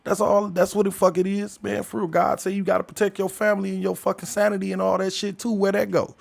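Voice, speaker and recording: A man's voice: high voice, little pitch movement, fast, gravelly, no echo. A man hosting his own podcast, ranting alone with heavy profanity, jumping from heated outbursts to laughter. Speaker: podcast host. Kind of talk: ranting solo monologue.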